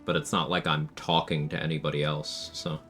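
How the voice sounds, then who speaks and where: A man's voice: very deep voice, little pitch movement, a little fast, a bit bright, faint music behind. A man streaming a challenge run, explaining his tactics in a casual, matter-of-fact way as he plays. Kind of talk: casual live-stream gameplay commentary.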